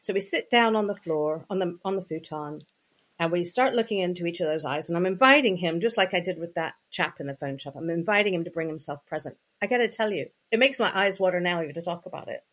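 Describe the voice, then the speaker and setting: Female interview guest, slightly low pitch, candid conversational storyteller. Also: fast, a bit bright. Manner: chatty, frank, full of "you know" and "like" fillers. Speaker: interview guest, intimacy coach.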